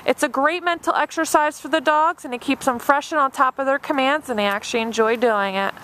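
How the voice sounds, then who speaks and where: A woman's voice: sits high, fairly quick, fairly bright tone, slight background noise. A woman dog trainer narrating an obedience demonstration step by step, with a patient and encouraging manner. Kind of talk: instructional narration.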